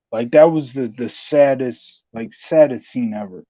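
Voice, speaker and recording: A man's voice: mid-range voice, a little slow, dark tone, no echo. A man co-hosting a casual podcast, laid-back, giving short replies and hesitating with fillers. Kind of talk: casual chat. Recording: dull dry lo-fi mic.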